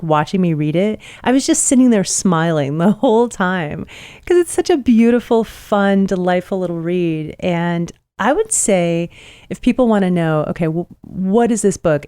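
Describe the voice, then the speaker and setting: A woman's voice: fairly low pitch, warm tone, no echo, clean studio sound. A woman host interviewing an author, enthusiastic and gushing with praise. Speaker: podcast host. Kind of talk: casual interview chat.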